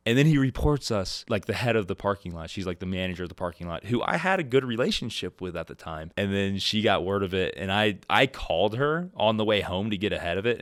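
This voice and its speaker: A man's voice: low-pitched, dry recording, studio quality. A man hosting a podcast, telling stories in casual chat, often laughing and acting out the people he quotes. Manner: laughs often, animated storytelling with quoted voices. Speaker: podcast host.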